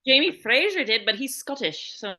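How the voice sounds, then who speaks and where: A woman's voice: high-pitched, very animated, normal speed, bright, forceful tone. A woman co-hosting a podcast over a video call, upbeat and teasing with slangy talk. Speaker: podcast co-host. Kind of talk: casual chat.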